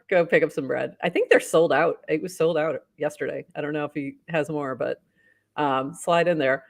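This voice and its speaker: Low-voiced woman co-hosting a chat show. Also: steady tone, moderate pace, gravelly. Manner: upbeat, reads posts aloud, laughs often. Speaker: podcast co-host. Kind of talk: casual news roundup chat.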